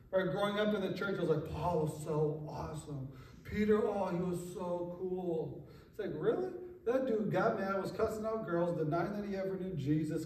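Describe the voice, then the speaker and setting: A man's voice: high-pitched, dark tone. Joking male pastor, echoey church. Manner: casual, joking, conversational preaching. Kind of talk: sermon. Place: church sanctuary. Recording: echoey room from a distance.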